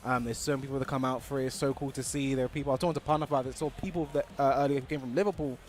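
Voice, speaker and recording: A man's voice: mid-range voice, steady tone, rapid-fire, a little hiss or hum. A young man commentating live at a fighting game tournament, easygoing and analytical. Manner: easygoing, analytical, chuckles often.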